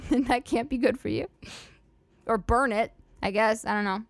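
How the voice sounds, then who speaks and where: A woman with a voice on the high side talks at a moderate pace in a dry recording. As the solo host of a comedy podcast, she rambles profanely and fills her speech with "like."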